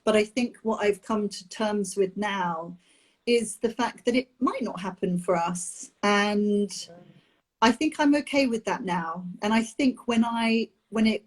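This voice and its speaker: A young adult woman, a nanny, talking candidly about a personal experience with many pauses and restarts over a video call. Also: medium pitch. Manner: open, halting, with many ums and restarts. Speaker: nanny sharing her IVF experience.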